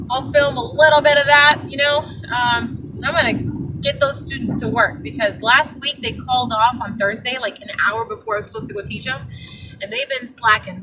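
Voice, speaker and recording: A young woman vlogger telling a story in a casual, animated, indignant way, full of fillers. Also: high-pitched, far from the mic, noisy background. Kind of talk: casual vlog rant.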